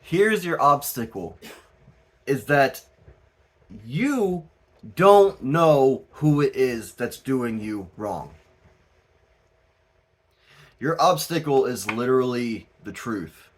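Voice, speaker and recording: A man hosting his own tarot reading, talking at an unhurried, drawn-out pace with a mid-range voice. He rambles, laughs and swears as he explains, in a loose and animated way. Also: mid-range voice. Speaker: tarot reader. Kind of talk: casual tarot reading monologue.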